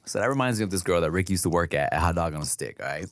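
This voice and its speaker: A man's voice: sits low, lively intonation, rapid-fire, dry recording, studio quality. A man co-hosting a casual podcast, telling funny stories between bites, laughing often and swearing freely. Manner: laughing storyteller, swears, sings snippets in silly voices. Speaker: podcast co-host. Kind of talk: casual chat while eating.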